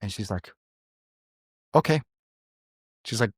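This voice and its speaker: A man's voice: mid-range voice, expressive, fairly quick, no room sound, studio quality. A middle-aged man hosting a podcast, giving earnest parenting advice in casual chat and telling stories with quoted voices. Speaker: podcast host.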